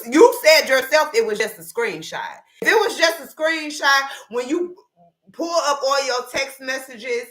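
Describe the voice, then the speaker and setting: Woman commentator, bright tone, roomy sound; blunt, opinionated, profane. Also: high voice. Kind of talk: casual reaction commentary.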